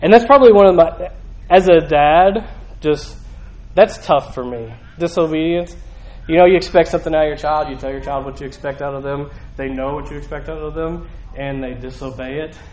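A middle-aged male pastor giving a conversational sermon, swinging from hushed asides to raised, emphatic exclamations. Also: fairly high pitch, brisk, echoey room, low-quality recording.

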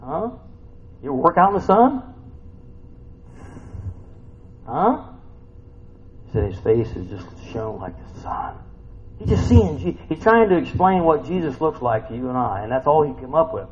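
A man teaching from the Bible in a casual, conversational sermon, reading verses aloud and musing with hums and rhetorical questions, swinging between loud bursts and hushed asides. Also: very animated, normal speed. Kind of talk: informal Bible study sermon. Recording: tinny phone-like recording with faint rumble.

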